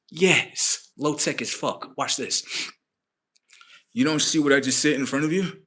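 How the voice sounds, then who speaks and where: A man's voice: mid-range voice, lively intonation, normal speed, fairly bright tone, breathy edge. A man streaming live, doing a profane, rambling comedic rant and arguing with himself.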